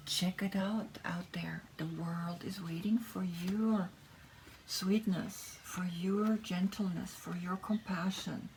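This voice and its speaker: A woman giving a gentle tarot reading that is part guided meditation, talking softly, often slipping into a whisper, and checking in with frequent "right?". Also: lowish voice, a little hiss or hum. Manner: soft, often drifting into a whisper; gentle, encouraging, with frequent tag questions. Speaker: tarot reader.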